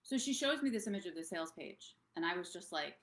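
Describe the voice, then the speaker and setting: A woman's voice: on the low side, expressive, fast talker, reverberant. A woman coaching other business owners on a live stream, talking in a bubbly, rambling way that drifts off track. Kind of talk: casual live-stream talk.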